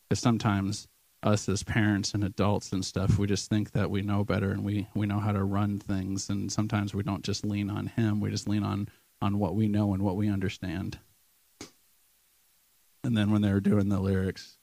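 A man speaks at church in a low, gravelly voice with a flat, even melody. He is earnest and conversational, full of pauses and restarts, and the sound is dry and close. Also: dry recording. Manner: halting and conversational, many ums and restarts. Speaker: church member sharing a vision. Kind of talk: informal sermon testimony.

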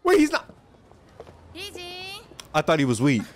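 A young man streaming his live reaction to an anime, talking in slang and jumping from low mutters to sudden excited yelps. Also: a little slow, slight background noise.

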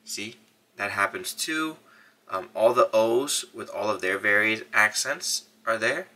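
A man hosting a casual phone tutorial, upbeat and energetic, talking while he demonstrates on a phone. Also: lowish voice, measured pace. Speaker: tech vlogger.

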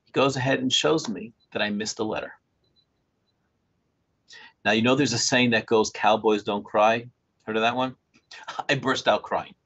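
A man in his sixties, a Torah scribe, telling a story to a small group in an animated way, acting out dialogue and often chuckling as he talks. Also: on the low side, moderate pace, pauses often. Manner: chuckles often while talking. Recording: dull lo-fi recording.

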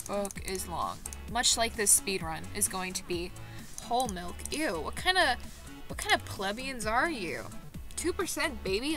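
A woman vlogging in a casual commentary style, excitable and self-mocking, reacting quickly as she plays. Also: medium pitch. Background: background music.

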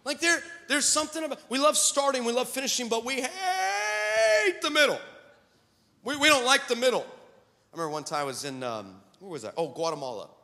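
Man, pastor, sermon, animated storytelling, forceful bright tone, long church reverb. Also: very high-pitched, fast talker. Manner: animated storytelling, joking with the congregation. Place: church sanctuary.

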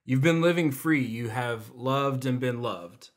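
A man's voice: medium pitch, unhurried. A young adult man giving a personal testimony in a church online service, telling stories with self-deprecating humor. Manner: self-deprecating storytelling with laughs. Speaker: church volunteer speaker.

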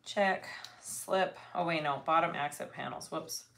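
A woman's voice: low voice, unhurried, creaky. A woman hosting a casual livestream, muttering checklists to herself as she works, with chatty asides to viewers. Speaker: livestream host, bag maker. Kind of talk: casual livestream chat while cutting fabric. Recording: noticeable background noise.

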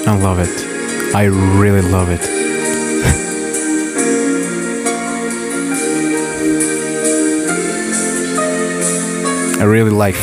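A man's voice: deep voice, little pitch movement, extremely slow, pauses often. A man hosting a reaction video, talking casually and earnestly, with lots of wows and exclamations. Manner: exclaiming, earnest, repeats wow and yo. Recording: music playing loudly behind. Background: concert music from video being watched.

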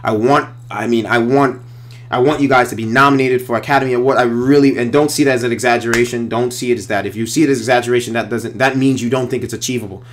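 A man's voice: mid-range voice, fairly even intonation, fast talker, slight background noise. A filmmaker talking casually and enthusiastically to his viewers, often repeating himself as he explains how a scene was made. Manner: enthusiastic, repetitive, talks to viewers directly. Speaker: filmmaker reviewing his own trailer. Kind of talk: casual video commentary.

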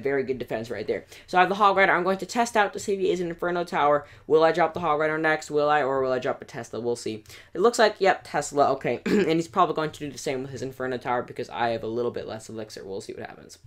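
Brief: quick-paced gameplay commentator, middle pitch, excitable play-by-play with sudden yelps, voice wearing hoarse. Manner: excitable play-by-play, rising to yelps at big moments. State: voice going hoarse. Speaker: gaming channel host. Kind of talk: gameplay commentary over battle replays.

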